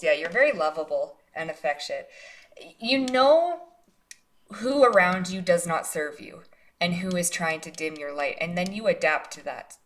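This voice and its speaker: A woman's voice: lowish voice, a bit bright. A woman giving a casual pick-a-card tarot reading, speaking straight to the viewer in an encouraging way and tagging her points with "right?" and "like". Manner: casual, chatty, often tags lines with "right?" and "like". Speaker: psychic tarot card reader.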